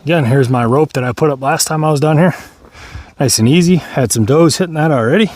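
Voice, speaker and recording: A man's voice: fairly high pitch, brisk, darkish tone, dry recording. A man vlogging outdoors on a field, out of breath, talking casually with many ums and uhs and an Upstate New York accent.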